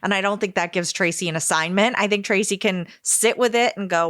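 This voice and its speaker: Woman co-host, mid pitch, chatty and thoughtful, dry close sound. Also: brisk, hardly any pauses, a bit bright, no room sound. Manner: thoughtful, chatty, laughs often. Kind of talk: casual chat.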